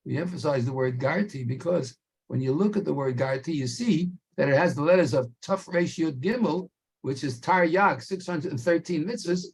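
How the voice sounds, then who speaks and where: A man teaching a Torah class, explaining slowly and stretching key words for emphasis. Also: on the high side, vocal fry, breathy edge.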